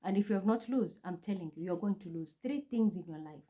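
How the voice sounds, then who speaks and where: A woman with a lowish, mellow voice speaks briskly and expressively from her home. She is a spiritual reader vlogger delivering an agitated monologue to the camera that is intense, accusatory and repetitive.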